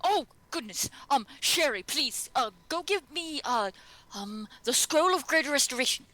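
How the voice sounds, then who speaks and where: A woman's voice: high-pitched, lively intonation, normal speed, sharp tone, pitched above the performer's own voice. A woman voicing a frantic male shop owner calling for help in a tabletop game.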